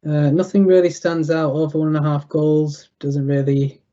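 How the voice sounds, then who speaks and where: A young man giving betting tips over a video call, thinking aloud in a halting way with many fillers and restarts. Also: fairly high pitch, fairly even intonation, mellow, muffled recording. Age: young adult. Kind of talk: thinking aloud while clicking through a screen.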